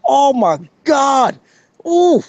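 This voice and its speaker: A man's voice: very high voice, extremely slow, no room sound. A man co-hosting a comedy podcast, trading casual jokes and laughing often. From New Jersey. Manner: animated, laughing, joking. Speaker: podcast co-host.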